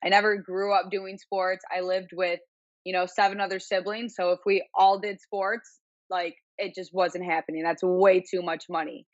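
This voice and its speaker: A woman's voice: fairly low pitch, little pitch movement, moderate pace, no echo, lo-fi sound. A woman in her twenties with a Chicago-area accent, a guest on a podcast, telling her story in a chatty way with lots of fillers. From Illinois, near Chicago. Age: 20s. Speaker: interview guest, bodybuilder. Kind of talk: casual interview chat.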